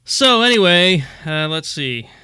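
A man hosting a casual podcast, talking in a rambling way and laughing often. His voice sits a bit high and sounds bright and sharp. The sound is dry and close, with no room echo. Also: sing-song, measured pace, clear, resonant tone. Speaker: podcast host.

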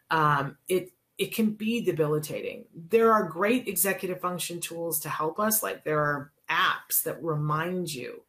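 A woman's voice: sits low, a little slow, hardly any pauses. Chatty rambling woman talk-show host. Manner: chatty, rambling, warm asides and self-corrections. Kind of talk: casual radio talk show chat.

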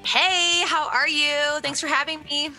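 Woman from the US, musician guest, bright voice, slightly high pitch, casual, lots of fillers, laughs often. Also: fairly even intonation, a little slow, faint music behind. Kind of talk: casual interview chat.

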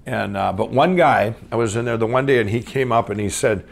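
A middle-aged man from Minnesota telling his own life story off the cuff, rambling with many restarts and swinging between excited and hushed. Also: mid-range voice, fairly quick, creaky. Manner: rambling, full of restarts and "I'm going". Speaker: guest storyteller. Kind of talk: unscripted personal storytelling.

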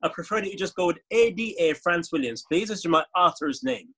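A man's voice: high voice, a little fast, sharp tone, husky, heavily acted, poor audio. A man putting on a Caribbean accent to play an overly polite, sweet-talking persona of himself. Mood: polite, firm. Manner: sweet-talking, formal, hesitant.

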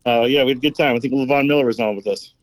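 Male guest on a call, relaxed and easygoing, dry sound. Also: medium pitch, very fast, no echo. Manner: relaxed, easygoing, hesitant fillers. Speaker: guest, additive company rep. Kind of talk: casual interview answers. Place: at home on a couch. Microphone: phone call.

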